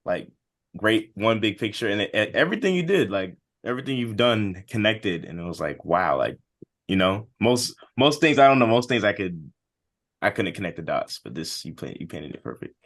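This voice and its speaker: A man's voice: lowish voice, big pitch swings, normal speed, fairly bright tone. A man hosting a podcast, reacting in a rambling way as he searches for words. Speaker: podcast host. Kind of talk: casual podcast chat.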